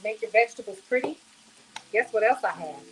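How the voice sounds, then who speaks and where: Here a woman demonstrates home cooking in her kitchen, folksy and talkative, addressing her audience as y'all and honey. Her voice runs high, expressive, brisk, and a bit bright, over a rough recording with a little hiss or hum.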